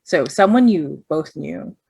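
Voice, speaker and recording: A woman with a lowish voice narrates a tabletop role-playing game as its game master. She describes scenes in a loose, thinking-aloud way, full of fillers and restarts. The sound is close and dry. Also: lively intonation, a little slow, vocal fry, a little mellow, breathy edge, no room sound.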